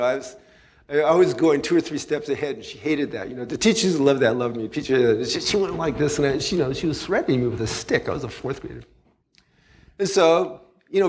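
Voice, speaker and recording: A man with a fairly high voice talks through ideas as a psychologist guest in an easy conversational way. He is blunt and candid, drops casual swear words, breaks into laughter at his own asides, and acts out the voices of people he quotes.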